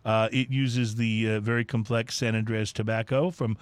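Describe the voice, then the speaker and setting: A man's voice: lowish voice, little pitch movement, moderate pace, clear, resonant tone, dry recording. Easygoing man reading cigar ratings. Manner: easygoing, filler-heavy, enthusiastic. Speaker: podcast co-host. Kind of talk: casual chat reading a cigar list.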